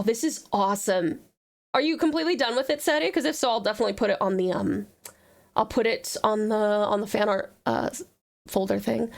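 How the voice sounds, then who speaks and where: An Australian woman from Tasmania chatting on a live stream, bubbly and doting, greeting viewers and swearing freely. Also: on the high side. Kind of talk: casual live-stream chat.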